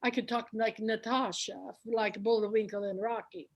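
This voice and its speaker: A woman's voice: fairly high pitch, fairly even intonation, normal speed, rough recording. An older woman hosting a book and film club, chatting and telling stories with frequent laughs. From Kansas area. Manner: chatty storyteller, laughing often. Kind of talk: casual chat.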